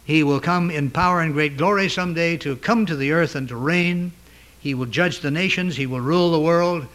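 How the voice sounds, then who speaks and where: A man preaching a sermon as pastor, earnest and emphatic, pausing now and then with hesitations. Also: fairly high pitch, fairly bright tone.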